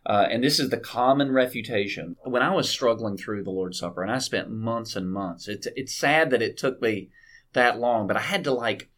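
A man, a pastor co-hosting a podcast, talking in a lively, incredulous, conversational way about a sermon. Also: mid-range voice, moderate pace. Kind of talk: casual theological discussion.

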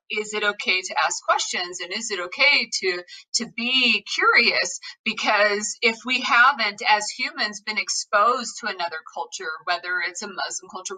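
A woman hosting a podcast who speaks in a supportive, thoughtful way and offers gentle affirmations. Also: medium pitch, distant mic, rough recording. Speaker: podcast host. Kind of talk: conversational interview.

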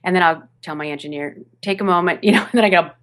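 In a relaxed podcast interview over a video call from her home studio, an audiobook narrator with a fairly low voice talks about her narration work. She's animated, racing, laughing often and restarting sentences as she goes.

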